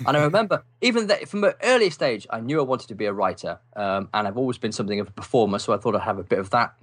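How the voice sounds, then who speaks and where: A man with an English accent telling stories in a casual interview. His delivery is wry and animated, swinging his pitch around, and he keeps a steady mid-range voice with frequent ums. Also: racing, breathy edge. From England. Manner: animated, wry storyteller with many ums and laughs. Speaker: podcast guest, writer.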